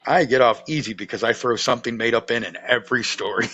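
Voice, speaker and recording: A Southern US man talks casually as a podcast host, folksy and joking, often restarting his sentences. His voice sits at a middle pitch. The audio is a little dull and lo-fi. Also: a little fast, sharp tone, husky. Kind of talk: casual chat.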